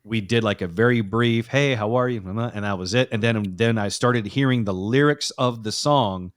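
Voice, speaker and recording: A man co-hosting a podcast in casual chat, reading lurid lyrics in a flat, deadpan way. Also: on the low side, moderate pace, no echo, clean studio sound. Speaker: podcast co-host.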